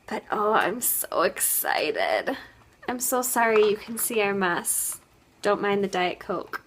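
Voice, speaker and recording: In a casual kitchen vlog, a young woman talks to her camera slowly in a medium-pitched voice with big swings in pitch. She gushes warmly and sincerely, packing her speech with "like."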